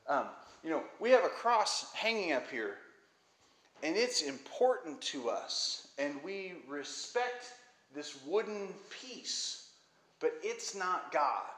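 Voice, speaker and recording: A man teaching the Bible in a casual, conversational way, asking rhetorical questions. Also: a little high. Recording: roomy echo.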